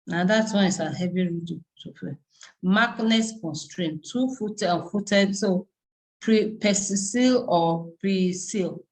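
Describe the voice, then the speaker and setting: Nigerian woman, university lecturer, lowish voice, halting live-class delivery with restarts. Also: rough recording. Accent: Nigerian English. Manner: halting, reads terms aloud with restarts and fillers.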